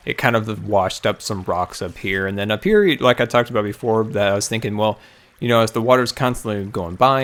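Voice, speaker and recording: A man's voice: medium pitch, fairly bright tone. A young man casually commenting on his own game tutorial, musing aloud, repeating phrases, a little out of breath. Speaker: Minecraft YouTuber.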